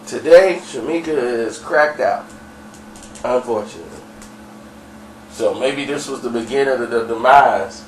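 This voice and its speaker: A man's voice: mid-range voice, a little slow, long pauses, a little hiss or hum. A man telling a story in a loose, slangy, rambling way. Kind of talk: casual storytelling. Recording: roomy, distant mic, faint ambience.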